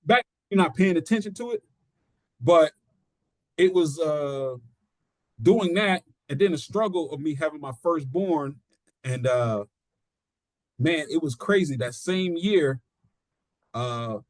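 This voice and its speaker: A middle-aged man, a pro wrestler being interviewed, telling his story casually and acting out quotes in an animated way. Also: on the high side, slow pace, long pauses, no room sound. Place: studio.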